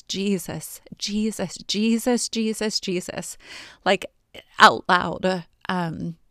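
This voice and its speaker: A woman with a somewhat low voice tells a personal testimony of faith. She speaks earnestly and reflectively, pausing often and reaching for words. The recording is dry, with no room sound. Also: fairly bright tone, dry recording. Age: adult, married. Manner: earnest, reflective, with pauses and fillers. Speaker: Christian speaker sharing a testimony.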